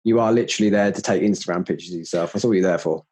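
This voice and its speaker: A man hosting a casual podcast chat, relaxed, laughing often and swearing now and then. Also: sits low, racing, husky.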